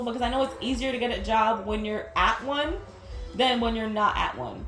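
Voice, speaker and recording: Young woman, high-pitched, candid storytime rant with plenty of cursing; roomy echo, faint music underneath. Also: a little fast, fairly bright tone. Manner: candid and exasperated, swears freely, stumbles and restarts. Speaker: vlogger.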